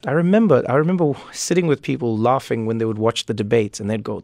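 Male guest, 30s, gravelly, dry close-miked studio sound, animated and quick-witted. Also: mid-range voice, dry recording. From South Africa. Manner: animated storyteller, quick asides, repeats words when starting thoughts. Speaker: guest, comedian and author. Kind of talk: radio interview conversation.

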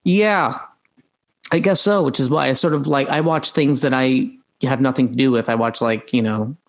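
Gravelly-voiced guy actor chatting in an interview, lots of ums and restarts. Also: medium pitch, rough recording. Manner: halting, many fillers and restarts. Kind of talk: casual interview answers.

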